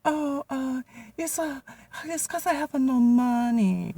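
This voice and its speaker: A falsetto caricature of a dismissive, well-off middle-aged woman who brushes things off in short, breezy phrases. The voice sits far above a man's own range and is heard from a distance off the mic. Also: expressive, takes it slowly, warm tone, breathy edge, exaggerated voice. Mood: evasive.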